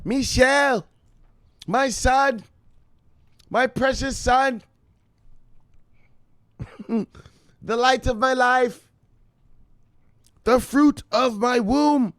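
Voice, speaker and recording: A man voicing a doting, nagging mother who scolds her grown son in slow, broken phrases. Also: extremely high pitch, fairly bright tone, no room sound, studio quality, pitched above the performer's own voice, exaggerated voice.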